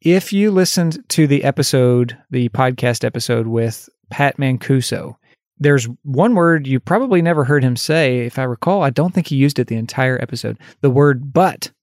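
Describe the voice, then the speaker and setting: A man's voice: medium pitch, animated, normal speed, a little mellow, dry recording, clean studio sound. A male life coach hosting a solo podcast, talking candidly and conversationally, laughing at himself and lifting his voice when he acts out example phrases.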